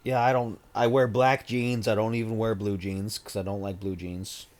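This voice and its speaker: Speaking close to a desk mic, this forties-aged livestreamer has a somewhat low voice and a darkish tone. He rambles casually to his stream viewers, jumping between subjects with self-mocking jokes. The delivery stays flat at a moderate pace.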